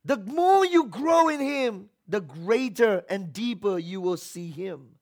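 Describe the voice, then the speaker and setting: A middle-aged male pastor preaching a sermon, repeating key phrases and swinging from soft asides to shouted exhortation. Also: high voice, animated, slow pace.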